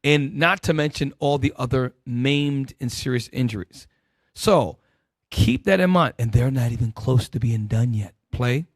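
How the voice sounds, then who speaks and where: A man leading a Bible teaching sermon, calling out verses and swinging between loud emphatic bursts and low asides. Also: unhurried, dry recording. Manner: calls out verses and directs helpers.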